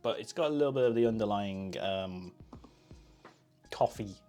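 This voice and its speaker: A man's voice: on the low side, normal speed, mellow, soft background music. A man chatting casually on a live stream, joking and answering chat while he makes coffee.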